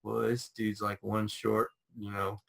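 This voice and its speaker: Animated man telling a spiritual story. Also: on the low side, unhurried, vocal fry. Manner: animated storyteller acting out quotes. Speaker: podcast co-host. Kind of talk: casual storytelling chat.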